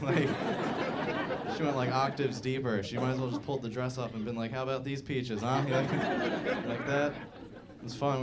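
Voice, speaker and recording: A man's voice: mid-range voice, very noisy. A man in his twenties performing a stand-up set at a comedy club, rambling and laid-back with lots of "uh" and "like". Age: 20s. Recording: live club recording with audible audience laughter. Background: audience laughter.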